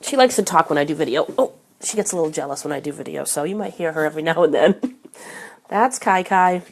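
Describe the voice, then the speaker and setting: Speaking fast in a low, creaky voice, a woman runs a casual live video chat from her home using a desk microphone. Her voice is still recovering from a head cold, and she chats away, laughing frequently and greeting each viewer by name.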